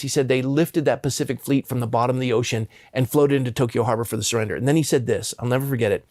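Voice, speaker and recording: A man's voice: mid-range voice, fairly even intonation, racing, few pauses, darkish tone, no echo, clean studio sound. A man in his fifties, a pastor from Southern California, earnestly telling personal stories in an interview. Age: 50s. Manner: earnest, impassioned.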